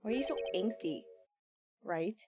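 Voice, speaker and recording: A young adult woman streaming a game in casual chat, animated and giggly, swearing freely into a desk microphone. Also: medium pitch, normal speed, noisy background.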